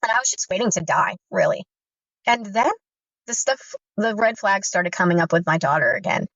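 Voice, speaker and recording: Woman giving halting personal testimony. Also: medium pitch, big pitch swings, a bit bright, no room sound. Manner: halting, earnest, with frequent fillers and restarts. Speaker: guest survivor recounting abuse. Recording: muffled, dry recording.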